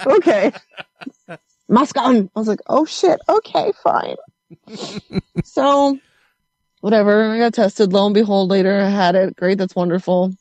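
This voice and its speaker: A woman telling a story in casual conversation, animated and swearing as she acts out what others said. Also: medium pitch, a little slow, pauses often, no room sound.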